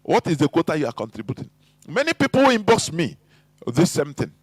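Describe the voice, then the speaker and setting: A Nigerian man giving a fiery political monologue, full of rhetorical questions and halting restarts. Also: a little high, sing-song, slightly rough, no room sound. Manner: halting with restarts and repeated words. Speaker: activist commentator.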